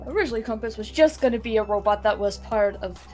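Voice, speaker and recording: A woman's voice: a little high, fast, over music. A woman in a casual chat with friends, talking enthusiastically and thinking aloud with restarts.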